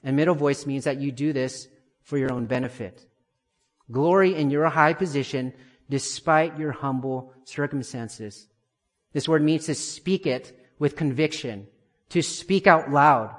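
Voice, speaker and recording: A man preaching an expository sermon, emphatic and building to forceful declarations. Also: medium pitch, a little slow, long reverb tail.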